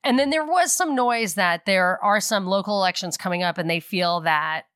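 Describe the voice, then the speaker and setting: A middle-aged woman with a bright, clear voice gives casual political commentary on her podcast. She rambles and thinks aloud, stopping often to correct herself. The recording sounds close and dry. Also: mid-range voice, normal speed, no echo. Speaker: podcast host.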